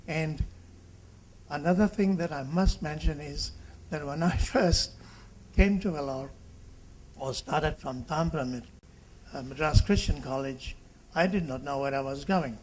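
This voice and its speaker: A man in his seventies from Fiji, a doctor giving a halting reunion speech that turns into an animated patient story. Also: on the high side, low-quality recording. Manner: halting, with restarts and animated quotes.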